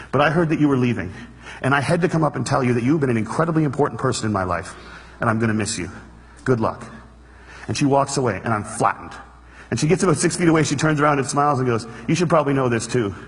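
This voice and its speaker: Man, motivational speech, quick delivery, husky voice, long hall echo. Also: fairly high pitch. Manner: storytelling, earnest, quick, plays the room for laughs. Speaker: speaker. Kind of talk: motivational stage talk. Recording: hall reverb.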